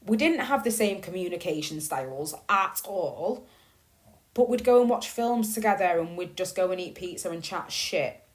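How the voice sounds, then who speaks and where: A woman's voice: on the low side, animated. A woman, likely in her thirties, telling a personal family story in a candid, swearing podcast monologue. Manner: candid and profane, swinging between slow reflection and bursts of emphasis. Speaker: podcast host.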